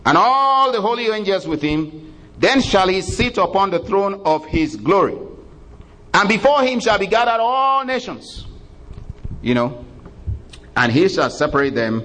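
A preacher in a sermon with a fairly high voice for a man. He retells scripture in a folksy, chatty way. He chuckles often and drops "you know" asides between lines. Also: lively intonation, unhurried, fairly bright tone, rough recording.

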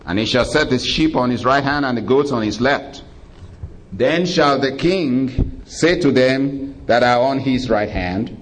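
A man's voice: mid-range voice, lively intonation, a little slow, low-quality recording. A man preaching a sermon who retells scripture in a folksy way, with chuckles and frequent "you know" asides.

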